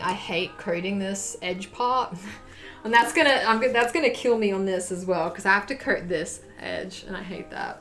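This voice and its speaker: A woman's voice: medium pitch, a bit bright. A young woman streaming her sewing, gushing over a bag she just finished and swearing casually as she talks. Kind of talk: casual live-stream chat while sewing. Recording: echoey room, faint music. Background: faint music.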